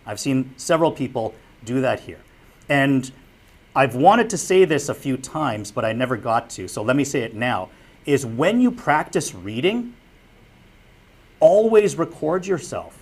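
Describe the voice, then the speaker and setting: Earnest man giving a broadcasting lecture. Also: a little high. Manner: earnest, direct, repeats key advice. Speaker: broadcasting instructor and former sportscaster. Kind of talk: public lecture.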